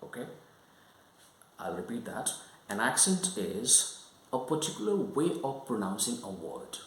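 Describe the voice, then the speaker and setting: A man giving a lesson, explaining slowly and often checking whether the listener follows. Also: mid-range voice, echoey room, low-quality recording. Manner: repetitive, checks understanding often. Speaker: English teacher.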